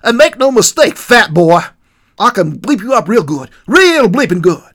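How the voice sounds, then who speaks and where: A man's voice: high voice, very animated, normal speed, voice pushed up, exaggerated voice. A man voicing a cowboy pastor in a furious, bellowing, nearly incoherent rage. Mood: furious yelling. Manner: yelling, red-faced, almost incoherent.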